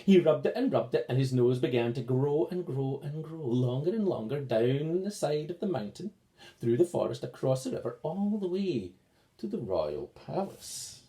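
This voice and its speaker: Brief: male storyteller for kids, mellow dark tone, very lively pitch, unhurried read-aloud. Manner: slow, expressive read-aloud with sweeping pitch. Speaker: children's storyteller. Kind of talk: storybook narration for children.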